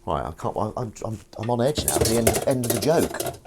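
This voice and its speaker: An English man hosts a relaxed stream, chatting and punning with his viewers in a playful, rambling way. His pitch swings about lively as he talks. Behind him, dishes and cutlery clatter over a steady noise. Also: a little fast. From England. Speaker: livestream host reading chat. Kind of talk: casual chat while washing up.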